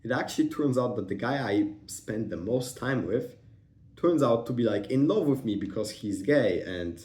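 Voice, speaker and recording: A man's voice: on the low side, a little mellow. A young man telling a personal story in a rambling, casual way, swearing often and restarting his sentences. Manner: rambling, profane, with many fillers and restarts. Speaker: vlogger. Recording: roomy echo.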